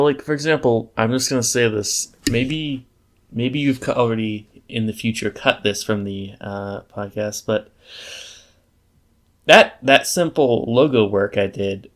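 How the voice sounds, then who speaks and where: A man's voice: mid-range voice, a bit bright. Joking young man on a podcast call. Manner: joking, teasing, mock reporter questions. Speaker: podcast guest animator. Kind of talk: casual podcast chat.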